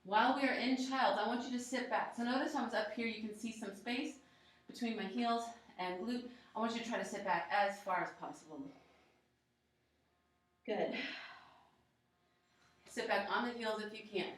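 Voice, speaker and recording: A woman leading a yoga class, encouraging her students with steady step-by-step cues and countdowns. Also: fairly high pitch, moderate pace, pauses often. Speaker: yoga instructor. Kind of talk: guided workout instruction. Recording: very echoey room, voice from far off.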